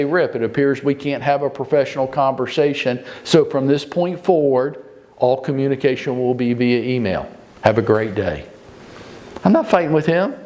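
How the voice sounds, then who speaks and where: A blunt man in his fifties trains a room of agents in a mid-pitched voice. He talks straight to them in short, punchy sentences. He jumps sharply upward in pitch whenever he wants to drive a point home. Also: darkish tone. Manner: blunt and emphatic, leaps up in pitch to stress points; speaks directly to the audience, often with short punchy sentences. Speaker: real estate broker training agents. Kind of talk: blunt motivational training talk.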